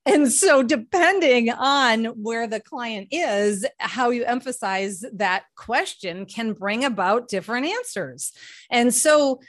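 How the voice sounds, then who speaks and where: Animated woman coach, fairly high voice, interview guest. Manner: animated, acts out clients' voices and questions. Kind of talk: interview conversation.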